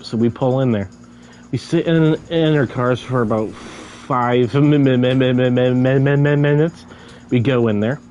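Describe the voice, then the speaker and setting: A man's voice: medium pitch, darkish tone, slight background noise. Stuttering young man telling a story. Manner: stutters and repeats sounds; laughs while telling. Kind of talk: casual storytelling while gaming.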